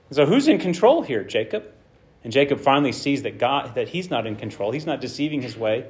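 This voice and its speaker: A man preaching a sermon with passion, swinging between loud bursts and hushed lines and acting out the quotes he tells. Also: medium pitch, sing-song, fairly quick.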